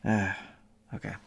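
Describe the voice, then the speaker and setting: A man's voice: fairly low pitch, vocal fry, darkish tone, breathy edge, lo-fi sound. A man streaming a game, chatting casually and reading a policy aloud, hesitant with many fillers and frequent chuckles.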